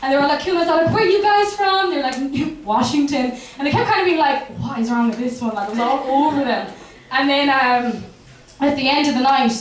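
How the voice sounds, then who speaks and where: A woman's voice: high voice, distant mic. A young woman with a Kerry Irish accent performing a chatty, self-mocking stand-up set with plenty of swearing. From Ireland. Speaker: stand-up comedian. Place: comedy club stage. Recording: echoey club, mic heard from afar.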